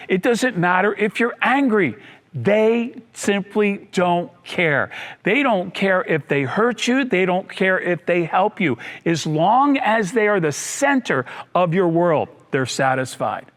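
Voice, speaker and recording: A male pastor with a naturally high voice delivers a sermon. He swings from bright emphatic bursts to low, quiet drop-offs and slips into the voices of people from his stories. He repeats key lines so the congregation catches them. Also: animated, slow pace. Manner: acts out voices of people in the story.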